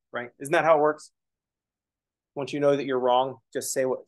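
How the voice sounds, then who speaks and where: A man's voice: medium pitch, level tone, moderate pace. A man teaching a math lesson in a casual lecture style, explaining as he writes and slipping in joking, self-deprecating asides. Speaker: math instructor.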